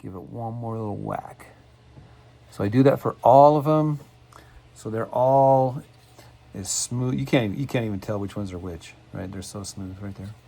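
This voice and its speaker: A man's voice: lowish voice, moderate pace, gravelly, warm tone, low-quality recording. A man with a folksy, rambling manner who often repeats himself, giving a casual step-by-step demonstration at his workbench in a home workshop. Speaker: cigar box guitar builder.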